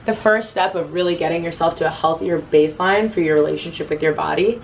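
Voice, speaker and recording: A woman's voice: sits low, fast, vocal fry, far from the mic, slight background noise, rough recording. A woman in her twenties giving casual self-love advice to camera, earnest and chatty, often quoting her own inner voice.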